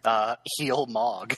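A man's voice: mid-range voice, fairly bright tone, husky. A man playing a text adventure with a friend, hesitant with many ums and full of dry joking asides. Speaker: guest player. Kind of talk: casual chat playing a game.

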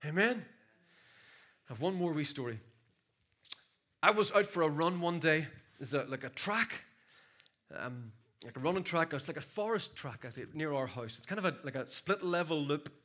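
A man preaching a sermon in a church, swinging from loud shouts to hushed storytelling. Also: a little high, expressive, moderate pace. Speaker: pastor. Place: church hall.

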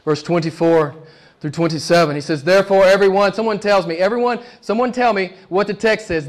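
A pastor delivering a fervent live sermon in a notably high voice. He hammers his points home, calls out to the room for an answer, and swings between loud declarations and quiet, almost hushed asides. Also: a little fast. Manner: emphatic, calls out to the congregation for responses.

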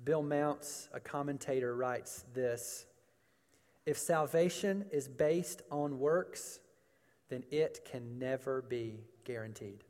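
A man's voice: mid-range voice, takes it slowly, darkish tone. A man preaching a sermon, emphatic, with rhetorical questions and repeated phrases, in a large church hall. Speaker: pastor. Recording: long hall reverb.

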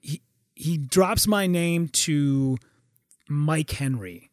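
High-voiced man telling animated stories. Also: drawn-out words, no room sound, clean studio sound. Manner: animated storyteller, acts out quotes, swears. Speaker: guest. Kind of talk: casual podcast chat.

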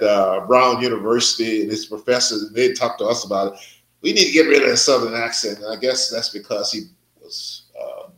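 A man's voice: on the low side, a bit bright, reverberant, low-quality recording. An older man hosting a podcast, talking in a rambling, hesitant way with many fillers. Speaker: podcast host. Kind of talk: casual interview.

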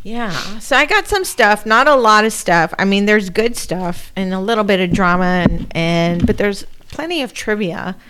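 A woman's voice: medium pitch, moderate pace, hardly any pauses, background noise. A woman in her forties co-hosting a casual chat podcast, rambling and swearing freely, her voice dried up from allergy medicine. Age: 40s. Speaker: podcast co-host.

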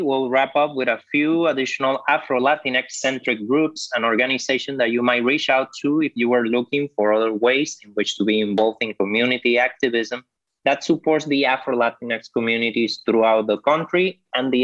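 A man co-hosting an academic podcast, reading a script in a measured way. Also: mid-range voice, fairly bright tone, no room sound, muffled recording. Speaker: podcast co-host, professor.

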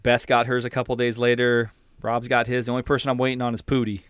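Joking, swearing podcast host. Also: male voice, medium pitch, level tone, fast talker, a bit bright, clear, resonant tone, no echo, studio quality. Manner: laughing, joking, swears freely. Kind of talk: casual chat.

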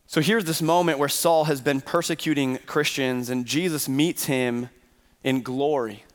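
Earnest pastor preaching in a reverberant hall. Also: male voice, mid-range voice, steady tone, measured pace. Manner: earnest, poses rhetorical questions to the congregation. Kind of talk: Sunday sermon. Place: church sanctuary.

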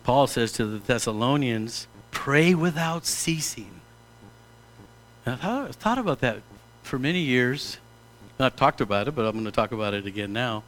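A middle-aged man preaching a sermon as pastor, animated and direct, slipping into mock-pompous prayer voices to make a point. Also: mid-range voice, normal speed.

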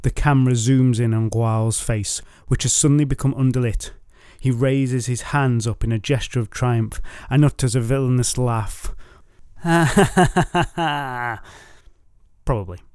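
A man's voice: mid-range voice, steady tone, moderate pace, few pauses, dark tone, smooth, dry recording, studio quality. Wry, sardonic male storyteller. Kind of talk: comic myth retelling.

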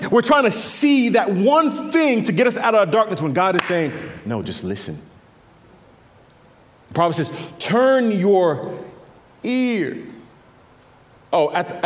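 A man preaching a sermon as pastor, swinging between quiet intimate passages and louder emphatic lines, often repeating words as he builds a point. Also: sits high. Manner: animated preaching, drops to quiet intimate tones and rises for emphasis. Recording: long reverb of a large hall.

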